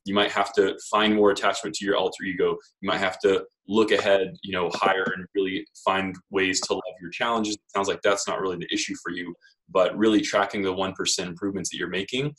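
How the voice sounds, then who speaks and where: A deep-voiced man gives coaching feedback in an even, flat tone. His advice comes out steady and encouraging. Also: fairly quick, poor audio.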